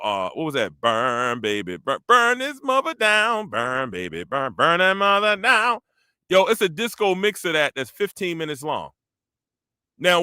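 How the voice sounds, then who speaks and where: A man hosting a casual chat, animated, breaking into sung demonstrations of vocal ranges. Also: a little high, dry recording, clean studio sound. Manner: animated, breaks into singing demos. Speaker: podcast host and parody songwriter.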